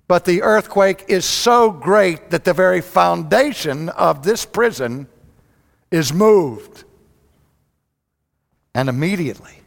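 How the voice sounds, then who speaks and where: A man preaching a sermon, telling the story dramatically, swinging from loud outbursts to hushed lows. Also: gravelly. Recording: long hall reverb.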